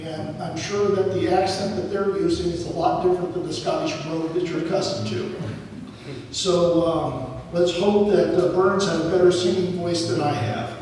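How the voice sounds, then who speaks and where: A man's voice: sits high, steady tone, normal speed, darkish tone, slight background noise. A man from the American South giving a folksy, rambling speech at a lodge dinner, with fillers. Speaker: speaker at a Masonic lodge dinner. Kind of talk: speech and sung poem recital. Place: lodge hall. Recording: roomy hall, voice from far off.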